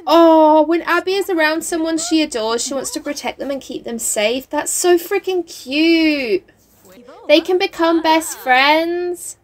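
A young woman talks over her gameplay in a loose, chatty way, reacting loudly and dropping slang as she goes. Her voice sits high for a woman, and her talk is excitable. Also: measured pace. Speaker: game streamer. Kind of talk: casual gameplay commentary.

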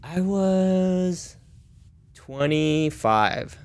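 A man in his thirties telling a story as a podcast guest, animated and swearing constantly while acting out quotes. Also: high-pitched, extremely slow. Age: 30s. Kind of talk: casual storytelling.

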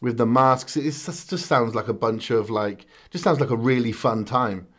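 A British man co-hosting a music reaction video, talking in excitable, slang-heavy banter. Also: medium pitch, normal speed. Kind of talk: casual reaction chat.

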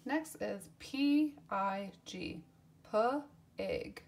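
A woman's voice: on the high side, lively intonation, drawn-out words, creaky, darkish tone. A woman teaching young children, spelling out words letter by letter and repeating them in a sing-song voice with cheerful praise. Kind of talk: children's lesson.

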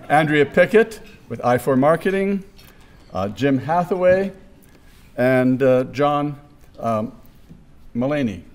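A man's voice: a little high, animated, slow. A man hosting a chamber of commerce forum, thanking the sponsors and naming guests in the meeting room in a friendly, informal way. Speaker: chamber of commerce event host. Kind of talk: welcoming remarks at a business forum.

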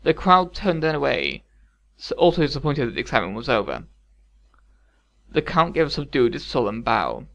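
A man narrating a fairy-tale story calmly with wry asides. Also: medium pitch, normal speed, vocal fry, long pauses, lo-fi sound. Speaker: audiobook narrator. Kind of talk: scripted narration.

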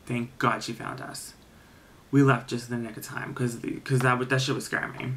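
A young man in his late twenties tells a spooky tale in loose, rambling storytime fashion. He leans on fillers and throws in casual swearing, at an average pitch. A faint rumble sits underneath. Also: flat delivery, fairly quick, a bit bright.

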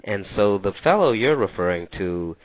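A man's voice: fairly low pitch, expressive, moderate pace, dry recording. A man being interviewed as an author, explaining his views in an articulate way. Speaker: author, guest. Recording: dry tinny phone line.

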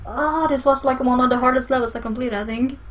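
A young woman with a Swedish accent, streaming a video game live, excitable, swearing often and laughing a lot. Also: high voice, fast.

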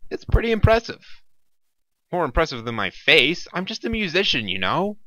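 Grumpy famous musician guy, snappy and dry, bright sharp voice, a man reading it. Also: a little high, very animated, normal speed, no echo, voice pushed up. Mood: snappish. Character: irritable, sardonic famous male musician.

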